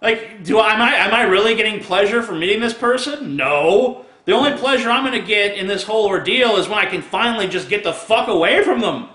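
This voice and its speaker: A man with a somewhat high, forceful voice rants crudely and sarcastically straight to camera. He swears freely and laughs at his own jokes. The sound bounces around an echoey room. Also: animated, a little fast, hardly any pauses. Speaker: video blogger. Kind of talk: profane comic rant to camera.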